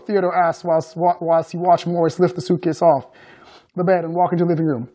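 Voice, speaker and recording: A male author reading aloud from his novel with measured storytelling. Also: fairly high pitch, fairly even intonation, warm tone. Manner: measured storytelling with acted dialogue.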